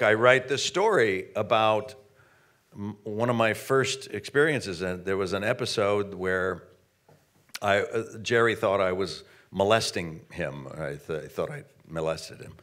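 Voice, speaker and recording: A man's voice: lowish voice, lively intonation, takes it slowly, a bit bright. A man, a guest, telling an anecdote with stammering restarts and acted-out quotes. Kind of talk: anecdote storytelling.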